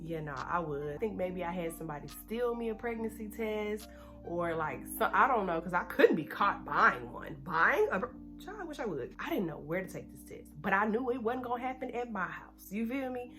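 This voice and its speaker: A young woman from Texas telling a personal story while doing her makeup. She talks in an animated, chatty way and speeds up when she gets nervous. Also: medium pitch. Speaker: beauty vlogger.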